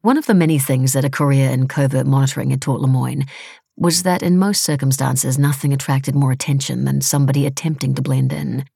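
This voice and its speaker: A woman reading a novel aloud in steady, wry, measured audiobook narration. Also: very deep voice, vocal fry, husky, no echo, clean studio sound.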